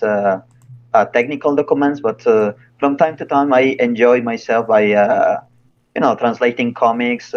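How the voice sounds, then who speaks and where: Male guest, careful and halting, muffled lo-fi mic. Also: medium pitch. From Mexico. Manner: careful, hesitant, many fillers. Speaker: guest, translator and professor. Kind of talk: casual interview chat. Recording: slightly dull, lo-fi audio.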